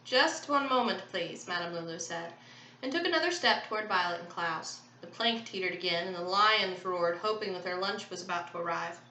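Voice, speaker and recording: Woman teacher, read-aloud storytelling, bright tone, roomy echo. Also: on the low side, fairly quick. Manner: lively character voices while reading. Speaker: fourth grade teacher. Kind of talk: reading a novel aloud to a class. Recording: echoey room.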